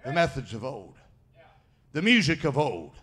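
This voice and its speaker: A man preaching a sermon as pastor, fiery, swinging between shouted declarations and low, quiet asides. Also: big pitch swings, normal speed.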